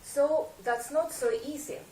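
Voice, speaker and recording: A woman's voice: high voice, fairly even intonation, measured pace, background noise. A woman, an English speaker, giving a prepared talk to a speaking club, hesitant with many fillers and a wry, self-mocking humor. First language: Russian. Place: meeting room. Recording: echoey room, mic far off, faint ambience.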